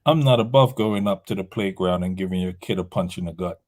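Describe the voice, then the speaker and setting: A man's voice: low-pitched, brisk, a little mellow. A man co-hosting a podcast, chatting casually with blunt, protective banter. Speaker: podcast co-host. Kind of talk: casual chat.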